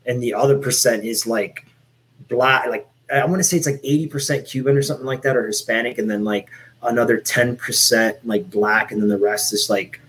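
A man in his forties from Miami speaks in a relaxed, conversational way. His talk is candid and wandering, full of fillers and restarts, with casual swearing. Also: mid-range voice, fairly quick, low-quality recording. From Miami, Florida. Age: 40s. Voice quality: lots of filler and restarts, "like" and "you know". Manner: candid, rambling, swears freely. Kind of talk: casual chat.

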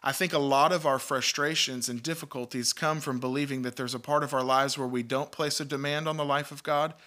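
A man's voice: mid-range voice, fairly even intonation, a little fast, sharp tone. A man, hosting a devotional podcast in an earnest, emphatic way, often repeating words and restarting sentences. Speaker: podcast host, Christian teacher.

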